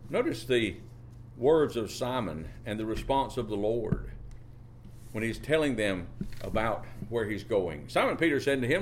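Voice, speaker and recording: A man preaching a sermon, drawing out phrases and lifting his pitch on key words, reading scripture in old-fashioned wording. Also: very animated, normal speed, slight background noise. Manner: reads scripture in King James wording.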